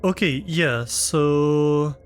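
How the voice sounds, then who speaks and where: Male streamer, slightly raised pitch, unhurried, thinks aloud and chats with viewers. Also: clean tone, faint music behind. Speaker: live streamer. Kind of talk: casual chat while playing a game. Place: his own room at home.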